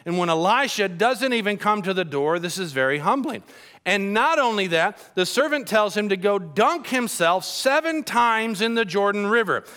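Bright-voiced man preaching a sermon. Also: sits high, animated, moderate pace, clean tone. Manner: storytelling, dramatic shifts in volume. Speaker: pastor.

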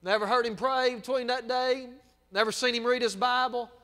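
A man from Mississippi with a Southern US accent, preaching a sermon as a pastor and telling folksy personal stories that build into fervent shouting. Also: very high voice, steady tone, moderate pace, long reverb tail. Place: church sanctuary.

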